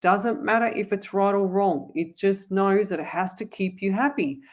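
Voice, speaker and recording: A woman's voice: medium pitch, normal speed, background noise. A woman, a psychic medium hosting a live online Q&A, giving earnest, urgent advice and calling her viewers "lovey". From Australia. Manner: addresses viewers as lovey and guys.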